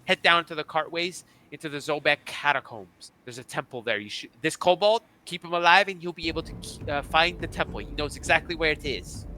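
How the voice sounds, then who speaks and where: A man voicing an excitable, eccentric little male kobold king who exclaims in a shrill, strained voice. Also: a little fast, hardly any pauses. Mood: confiding.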